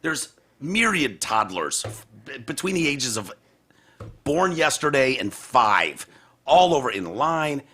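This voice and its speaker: A podcast host with a medium-pitched voice takes his time, with a little hiss or hum in the audio. In casual chat he tells a story full of swearing, animatedly acting out the people he quotes.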